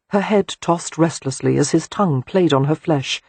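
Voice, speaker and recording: An audiobook narrator reading a romance novel in a soft, hushed, unhurried way. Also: mid-range voice, creaky, slightly rough, dry recording.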